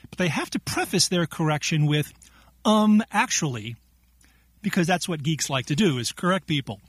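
A lively man hosting a jokey word quiz, with a high, bouncing voice that swoops up and down. His tone is slightly husky and close and dry, and he laughs often between the clues. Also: fairly quick, no room sound. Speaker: quiz segment contributor.

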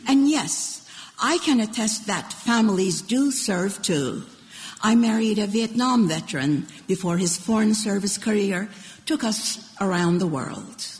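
A woman's voice: mid-range voice, unhurried, in a large hall. A woman hosting a radio program, thanking a storyteller and introducing the next segment. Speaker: radio show host.

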